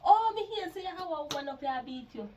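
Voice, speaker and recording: High-voiced Jamaican woman arguing. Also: animated, fast, warm tone, a little hiss or hum. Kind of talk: Jamaican patois film dialogue.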